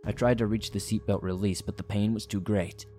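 Low-voiced man narrating horror. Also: steady tone, a little fast, dark tone, faint music behind. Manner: dramatic, suspenseful storytelling.

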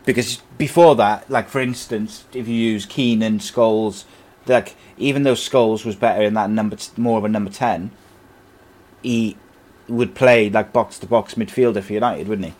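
A man with a fairly low voice hosts a loose, chatty football podcast. He rattles off player names and reads listener comments aloud in an easygoing way. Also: moderate pace, a little mellow. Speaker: podcast host. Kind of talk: casual football chat.

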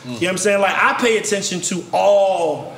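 A man from Virginia telling animated stories in casual chat, acting out other people's voices as he goes. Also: high-pitched, moderate pace, reverberant, crowd noise. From Virginia, USA. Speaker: podcast guest songwriter telling stories.

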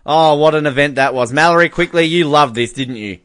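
A man's voice: fairly high pitch, brisk, fairly bright tone, smooth, no room sound, clean studio sound. A man hosting a casual sports podcast, joking and laughing often. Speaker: podcast host.

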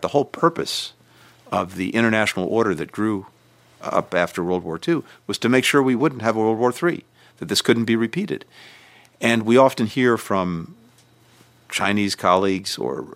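Deliberate, emphatic low-voiced man. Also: a bit bright. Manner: deliberate, emphatic, with frequent restarts and pauses. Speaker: senior government official interviewed. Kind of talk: measured interview answers.

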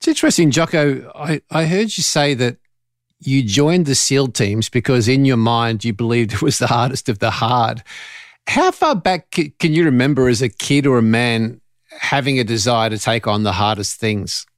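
A man's voice: medium pitch, lively intonation, normal speed, no echo, studio quality. A man hosting an interview, asking long, thoughtful, winding questions. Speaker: podcast host.

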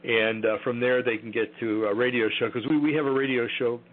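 A man's voice: medium pitch, fairly even intonation, a little fast. A man guest in a casual interview, talking hesitantly with many fillers and restarts. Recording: tinny phone line.

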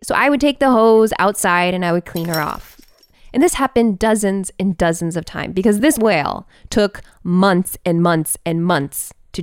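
A woman podcast host telling a personal story in an animated, expressive way, with big swings in pitch and pace. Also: smooth, dry recording, studio quality.

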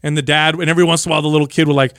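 Animated higher-voiced man on a podcast. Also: racing, smooth, no room sound, clean studio sound. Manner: animated, emphatic storyteller. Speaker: podcast co-host. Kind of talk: casual chat.

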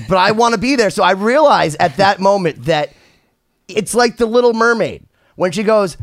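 Animated swearing male podcast host. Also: high voice, moderate pace, no room sound. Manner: animated storyteller, swears freely, jokey tangents. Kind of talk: casual chat.

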